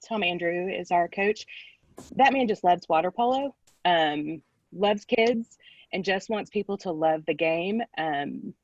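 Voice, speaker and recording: A woman's voice: on the low side, no echo. Empathetic woman, dry muffled audio. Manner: warm, appreciative, empathetic. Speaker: parent. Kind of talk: town hall discussion.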